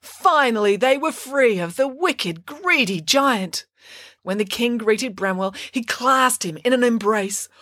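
A woman narrating a children's story in a playful, expressive way. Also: on the high side, unhurried, dry recording, clean studio sound.

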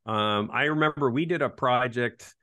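A man in his fifties who teaches ergonomics as a professor shares lively work anecdotes at his own expense during a relaxed interview. His medium-pitched voice moves at a normal pace in a dry recording.

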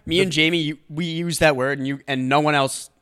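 A man's voice: fairly high pitch, steady tone, fairly quick, a bit bright, clear, resonant tone. A young man co-hosting a podcast, rambling in casual chat with lots of fillers on a close mic. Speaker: podcast co-host.

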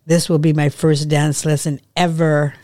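A woman reading the lines of a nervous, smitten young man in her own low, unhurried voice. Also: flat delivery, mellow. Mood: earnest.

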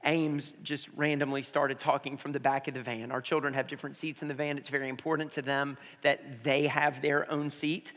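A man's voice: medium pitch, little pitch movement, moderate pace, hardly any pauses, fairly bright tone. A man preaching a sermon as pastor, praying and then telling a family story to the congregation on a stage microphone. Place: church sanctuary with congregation. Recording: reverberant church hall.

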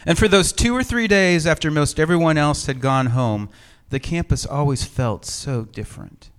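A middle-aged man, a pastor, preaching a sermon in an empty church sanctuary, with measured, reflective storytelling and gentle humor. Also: on the high side, clear, resonant tone.

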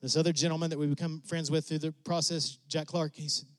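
A middle-aged man preaching a testimony, telling his story with animated leaps up in pitch when excited. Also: fast, no room sound. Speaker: preacher sharing a mission testimony. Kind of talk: sermon storytelling.

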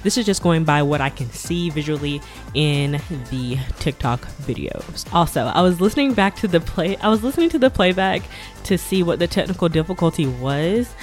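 A woman hosting a casual solo podcast, talking very fast and breaking into awkward little giggles. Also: fairly low pitch, animated, faint music behind. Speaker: podcast host, flight attendant. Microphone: podcast mic at a laptop setup.

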